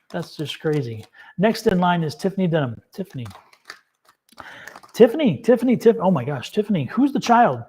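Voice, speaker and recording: A man hosting a live-stream tarot reading, upbeat and excitable, laughing often and encouraging viewers. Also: a little high, husky. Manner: encouraging, affirming.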